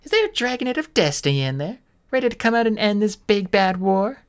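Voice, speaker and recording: A man's voice: high voice, sing-song, fairly quick, smooth, pitched above the performer's own voice. A man voicing a cruel, mocking female sand dragon queen who hisses and sneers her taunts. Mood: taunting. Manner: sneering, hissing, theatrical taunts.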